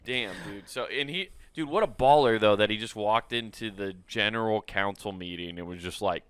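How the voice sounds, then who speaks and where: A man's voice: fairly low pitch, normal speed, a bit bright, smooth. A man co-hosting a podcast, trading crude jokes in casual banter and often breaking into mock voices. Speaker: podcast co-host.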